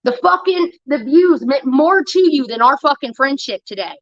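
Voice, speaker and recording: A woman's voice: high-pitched, animated, moderate pace, no room sound, lo-fi sound. A woman livestreamer giving a heated, profane, defensive rant straight to her viewers. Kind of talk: angry ranting monologue.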